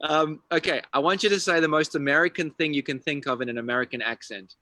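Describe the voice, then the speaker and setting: A man hosting a casual interview, asking short, playful quick-fire questions. His voice is bright and a little higher than average. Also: dry recording. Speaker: interview host.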